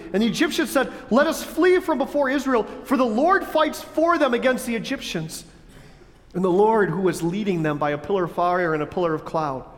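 A man preaching a sermon in a lively, animated way, voicing God and his listeners' objections as he goes. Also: sits high, big-room sound. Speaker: pastor.

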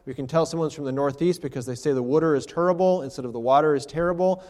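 Man, pastor, sermon, rhetorical questions, middle pitch, long hall reverb. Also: rapid-fire, a little mellow. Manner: expository preaching with rhetorical questions.

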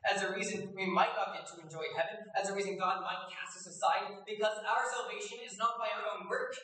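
Bright-voiced man preaching in an echoey hall. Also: sits high, steady tone, recorded from a distance, slight background noise. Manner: earnest, emphatic with slow stressed phrases. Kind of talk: sermon. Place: church.

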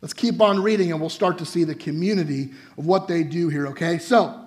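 A young man preaching a guest sermon in a chatty, animated way, often checking in with the listeners. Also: high-pitched, fairly quick. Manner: animated, chatty, asks the audience "right?" often.

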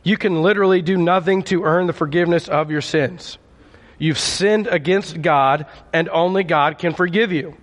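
A man's voice: on the high side, normal speed, long reverb tail. A male pastor preaching a conversational sermon and calling on his congregation for responses. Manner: conversational, calls for audience response.

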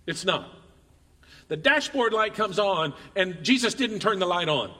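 A man's voice: high-pitched, lively intonation, measured pace, bright, forceful tone, in a large hall. A male pastor preaching a conversational sermon to his congregation in church, often restarting and repeating words as he talks directly to them. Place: church sanctuary.

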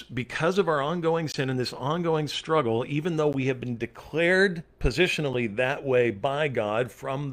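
A male pastor leading a Bible study, reading scripture aloud and then explaining it earnestly and emphatically, with casual fillers along the way. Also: mid-range voice.

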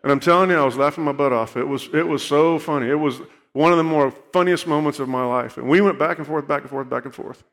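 A man's voice: a little high, quick pace, few pauses, a bit bright, big-room sound. A man giving a personal testimony in an earnest storytelling way, often checking in with the listeners. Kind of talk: sermon testimony.

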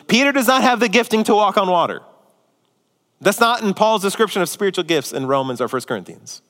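A male pastor preaching a sermon, swinging from emphatic peaks to hushed, near-whispered passages and asking rhetorical questions. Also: sits high, animated, fairly quick, in a large hall.

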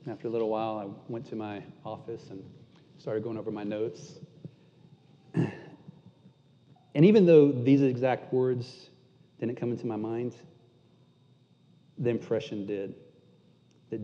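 A man preaching a sermon and telling a candid, self-deprecating story. At tender moments he drops almost to a hush. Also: medium pitch, slow pace, long pauses. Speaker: pastor. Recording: muffled sound with long hall reverb.

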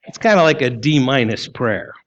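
A man preaching a sermon as pastor, emphatic and full of rhetorical questions, sometimes sinking low and quiet. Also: animated, normal speed, dull audio.

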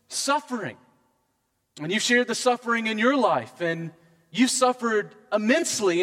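Pastor guy giving a sermon, pretty high voice, long echo from a church hall. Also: fairly bright tone.

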